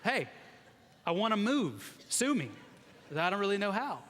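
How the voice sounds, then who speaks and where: A man's voice: sits high, big pitch swings, a little slow, a bit bright, a faint crowd, slight background noise. A man in his forties giving a chatty, self-deprecating sermon, joking with the congregation in a large church sanctuary. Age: 40s. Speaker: guest preacher. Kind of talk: conversational sermon. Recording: long reverb of a church hall.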